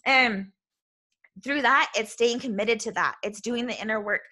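Bright, bubbly woman coaching on a podcast. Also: fairly high pitch, unhurried. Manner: loud and bubbly; earnest, with many "right?" tags. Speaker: self-love coach and podcast host. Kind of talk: motivational podcast monologue.

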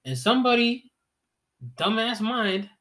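A man's voice: very high-pitched, a little slow. A young man in casual chat, swearing freely and telling stories with slang. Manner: profane, slangy, animated storytelling.

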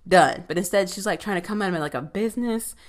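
Sassy woman doing a TV recap. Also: mid-range voice. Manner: sassy, profane, animated commentary; quick asides with filler words. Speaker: TV episode recapper. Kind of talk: casual show recap.

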